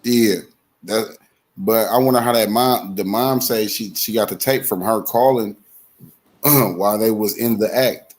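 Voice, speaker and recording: A man's voice: lowish voice, unhurried. A man hosting a casual talk show, speculating aloud in conversational slang. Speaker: commentary show host. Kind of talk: casual chat.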